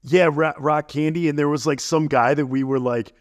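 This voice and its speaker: A man's voice: on the high side, fairly even intonation, moderate pace. A man co-hosting a podcast in a loose, rambling chat, laughing often. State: out of breath. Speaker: podcast co-host. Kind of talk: casual chat.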